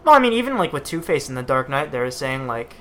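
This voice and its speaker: A man's voice: medium pitch, sing-song, fast talker, fairly bright tone, a little hiss or hum. A man co-hosting a casual chat, earnest and argumentative, often tripping over his words.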